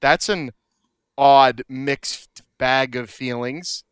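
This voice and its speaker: A man's voice: mid-range voice, drawn-out words, a little hiss or hum. A middle-aged man co-hosting a podcast in casual chat, cracking dad jokes and laughing at them. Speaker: podcast co-host.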